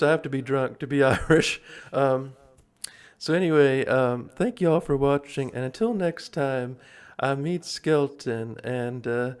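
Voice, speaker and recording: A man hosts a casual livestream and rambles through his thoughts, stopping and restarting with plenty of fillers. His voice is smooth and clear, sitting at an ordinary middle pitch for a man. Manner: rambling, halting, with many fillers and chuckles. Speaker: livestream host.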